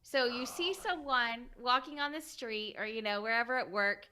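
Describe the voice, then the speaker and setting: A woman co-host in a casual podcast chat, her voice bright and ringing, with a higher pitch. She talks playfully and laughs a lot. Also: moderate pace.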